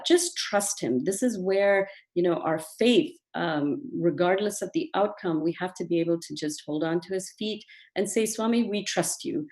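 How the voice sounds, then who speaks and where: A woman's voice: medium pitch, darkish tone. A woman physician speaking as guest at an online devotional program, earnest and thoughtful, with frequent fillers. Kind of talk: devotional talk.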